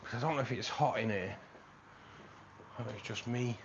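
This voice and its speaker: A man hosts a relaxed livestream from his room at home, talking easily to viewers and dropping "mate" at the end of his lines. His voice is mid-pitched and sounds a little worn. The stream audio is slightly dull, with a faint hiss behind it. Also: normal speed, vocal fry. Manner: chatty, calls viewers mate, reads out chat. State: voice tiring. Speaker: livestream host. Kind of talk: casual livestream chat.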